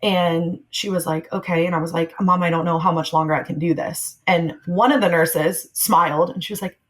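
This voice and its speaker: Woman, low voice, candid storytelling, reflective, acts out quotes. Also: steady tone, a little fast, poor audio. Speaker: guest sharing her birth story. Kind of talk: conversational storytelling.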